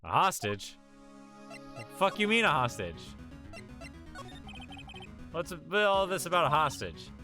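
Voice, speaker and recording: A man streaming a video game playthrough, chatting casually, swearing and reacting loudly. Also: on the high side, sing-song, takes it slowly, pauses often, over music. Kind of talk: live game playthrough commentary.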